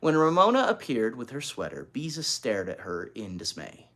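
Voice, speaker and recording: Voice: mid-range voice, wildly swooping pitch, moderate pace, a bit bright. A reader narrating a children's chapter book aloud, adding chatty asides to young listeners. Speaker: storybook reader.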